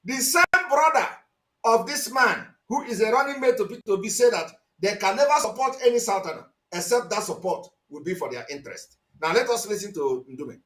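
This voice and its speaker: A man with a Nigerian accent commenting on news clips during a livestream, agitated and repetitive, sometimes shouting. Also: high-pitched, expressive, a little fast, reverberant. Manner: agitated, repeats phrases, shouts at points. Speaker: online commentator.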